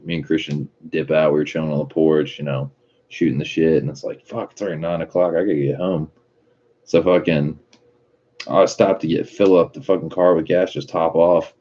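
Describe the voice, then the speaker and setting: A man with an extremely deep, dark voice chats in a loose, swearing, laid-back way, reading out chat messages. His tone is husky, and the recording sounds muffled and lo-fi. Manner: laid-back, profane, laughs often. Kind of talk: casual chat.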